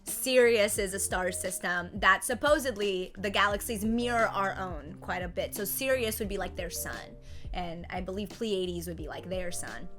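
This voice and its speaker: Bright-voiced woman podcast host. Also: medium pitch, normal speed, soft background music. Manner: enthusiastic, swears, talks about spirituality. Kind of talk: casual chat.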